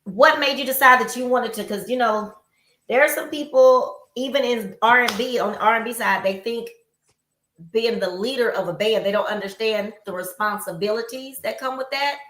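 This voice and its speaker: A woman's voice: a little high, normal speed, fairly bright tone, reverberant. A woman hosting a live online interview, chatty and upbeat, with plenty of fillers. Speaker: host.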